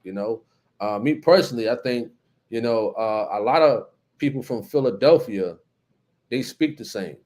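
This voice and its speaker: Speaking at normal speed in a medium-pitched, darkish voice, this New Jersey man with a matching accent runs a relaxed live-stream chat. He reads viewer comments aloud, greets people by name and uses lots of filler words.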